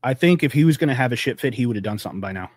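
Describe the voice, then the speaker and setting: Talking very fast and animatedly, a podcast co-host rambles through casual political chat in a loose, profane way, mimicking quotes in a high voice. The studio-quality sound has no echo.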